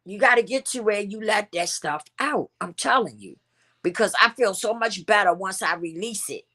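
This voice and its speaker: Middle-aged woman, bright tone, candid emotional vlog host who repeats herself for emphasis. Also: medium pitch, moderate pace. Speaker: channel host. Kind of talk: heartfelt personal vlog talk.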